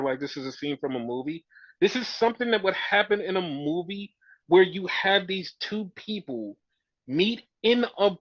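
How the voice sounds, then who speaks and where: A man hosting a podcast, chatting casually and excitedly with many fillers as he recaps a wrestling show. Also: high-pitched, no echo. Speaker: podcast host. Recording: dull lo-fi sound.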